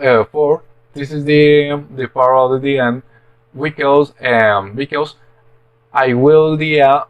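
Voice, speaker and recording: A man talking through a programming tutorial in a halting, hesitant way, with many pauses and restarts. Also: fairly high pitch. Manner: halting, hesitant delivery full of fillers and restarts. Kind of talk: screen-recorded coding walkthrough.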